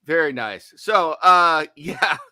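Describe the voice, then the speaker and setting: A man's voice: on the high side, animated, slow, bright, forceful tone, no echo. A man co-hosting a horror movie podcast, chatting casually with jokey, self-deprecating asides. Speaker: podcast co-host.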